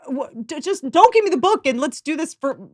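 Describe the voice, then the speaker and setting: A woman's voice: high voice, measured pace, no echo. Woman host telling stories, dry studio sound. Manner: animated storytelling, laughs often. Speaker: podcast host. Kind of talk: casual chat.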